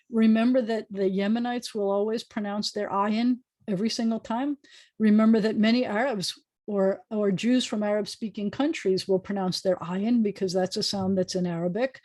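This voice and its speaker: A woman's voice: mid-range voice, darkish tone, no room sound. An American woman rabbi leads a beginner Hebrew lesson over a video call. She is patient and chatty, repeating sounds aloud for her students. Her voice sits in a middle register and comes through dry and close on a desk microphone. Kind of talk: online language lesson.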